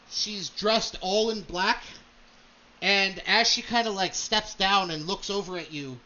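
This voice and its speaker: A man's voice: high voice, bright, forceful tone, highs cut off, slight background noise. A man narrating a tabletop role-playing game as game master, casual with many fillers.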